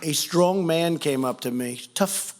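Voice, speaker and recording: A man's voice: on the high side, a little slow, darkish tone. A man giving campaign rally speeches, telling boastful stories in repetitive, punchy short phrases. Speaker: president speaking at rallies and events. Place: large rally halls and arenas. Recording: long reverb of large rally venues.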